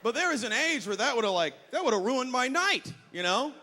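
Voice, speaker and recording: A man telling an animated stand-up story, acting out the other voices as he goes. His voice is bright and forward. It carries a long reverb from the hall. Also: extremely high pitch, moderate pace, a little hiss or hum. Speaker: stand-up comedian. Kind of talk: stand-up routine. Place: comedy festival stage.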